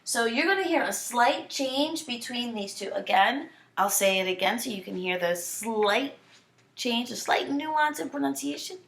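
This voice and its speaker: A woman teaching a French lesson. She switches between French and English, repeats words slowly, and asks the class questions before answering them herself. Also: on the high side, lively intonation, creaky, fairly bright tone. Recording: echoey room.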